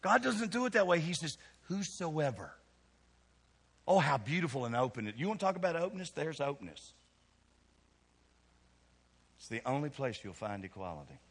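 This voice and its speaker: A man with a Kentucky accent preaches a sermon in a church, folksy and teasing as he calls on people in the pews. His voice is bright and forceful, and it rings out into a long-reverb hall. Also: a little high, big pitch swings, moderate pace, pauses often, breathy edge. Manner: folksy, teasing congregation members by name. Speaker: pastor. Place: church sanctuary.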